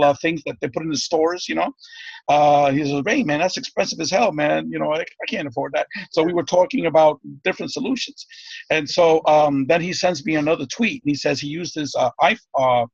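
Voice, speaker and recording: A man's voice: on the high side, gravelly, breathy edge, no echo, highs cut off. A man being interviewed as a guest, telling one story after another in a rambling, eager way and often checking in with "okay?".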